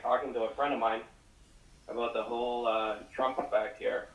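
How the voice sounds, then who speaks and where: A man's voice: medium pitch, fairly bright tone. Man, phone-in caller, effusive, rambling, filler words, distant from the mic. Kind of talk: phone-in call. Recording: roomy, distant phone call.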